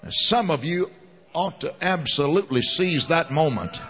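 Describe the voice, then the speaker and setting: Male preacher, fervent and emphatic, high-pitched, recorded muffled in a reverberant hall. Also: lively intonation, normal speed, a bit bright, faint music behind. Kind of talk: sermon. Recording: dull lo-fi sound with long hall reverb.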